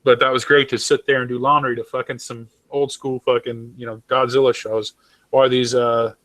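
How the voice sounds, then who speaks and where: A man's voice: mid-range voice, little pitch movement, moderate pace, fairly bright tone, no echo. A man talking casually and swearing a lot, rambling from story to story. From United States. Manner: rambling, profane, jumps into mocking voices. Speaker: talk show host. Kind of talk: casual chat.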